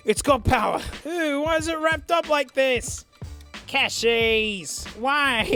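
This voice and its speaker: A young man chatting casually in a vlog, slangy and excitable, groaning and yelling as he tests gadgets. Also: extremely high pitch. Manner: excitable, slangy, yells and groans while testing gear. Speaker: tech reviewer.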